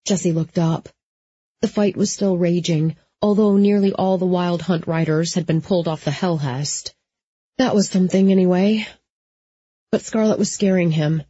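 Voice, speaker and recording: A woman narrating an audiobook in a steady, even storytelling manner. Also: on the low side, moderate pace, breathy edge, no echo, dull audio.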